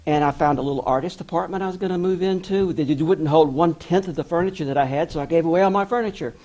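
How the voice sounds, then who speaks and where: A man's voice: fairly high pitch, fast talker, warm tone, low-quality recording. A middle-aged man, an author, giving a candid, self-deprecating storytelling address and acting out the voices of people he quotes. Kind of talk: personal storytelling speech.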